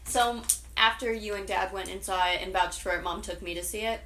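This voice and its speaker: A young woman co-hosting a casual movie podcast, telling stories in an animated, playful way. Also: mid-range voice, a little fast, a little hiss or hum. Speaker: podcast co-host. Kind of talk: casual chat.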